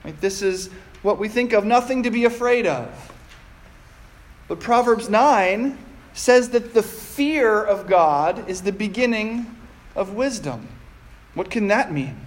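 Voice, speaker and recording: A male pastor delivers a sermon in a measured, deliberate way, frequently putting rhetorical questions to his congregation. His voice is high-pitched and animated.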